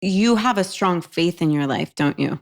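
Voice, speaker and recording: A woman's voice: on the low side, lively intonation, moderate pace. A woman co-hosting a podcast, talking in an earnest, emphatic way and swearing casually. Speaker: podcast co-host. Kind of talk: casual chat.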